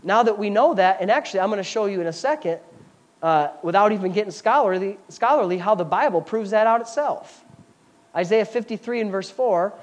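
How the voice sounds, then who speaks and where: A man's voice: sits high, brisk. Pastor, male, fervent sermon delivery with conversational asides while teaching scripture. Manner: fervent preaching with scripture reading; explanatory, chatty asides.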